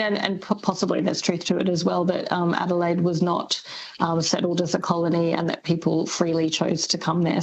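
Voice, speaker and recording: A woman speaking as a linguist guest on a radio interview, thoughtful and careful, hedging often and pausing with ums. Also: fairly low pitch, lo-fi sound. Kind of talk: radio interview, expert explanation.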